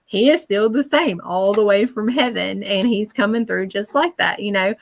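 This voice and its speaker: A woman's voice: mid-range voice, normal speed, vocal fry. Chatty woman giving a psychic reading. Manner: chatty, reassuring, many fillers. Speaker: psychic medium. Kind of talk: live spirit reading.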